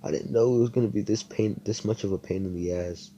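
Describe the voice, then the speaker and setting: A man's voice: fairly low pitch, fast, warm tone, lo-fi sound, a little hiss or hum, lightly acted. A man voicing a stressed young male magic knight in a fan story, swearing in an exasperated way.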